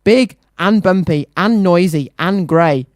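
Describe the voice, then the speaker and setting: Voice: mid-range voice, slow pace, no room sound, clean studio sound, natural voice. A storyteller on children's radio voicing a crowd of frightened farmers who pant and gasp. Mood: panicked. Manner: panting, gasping, breathless. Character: panicked crowd of farmers and townsfolk.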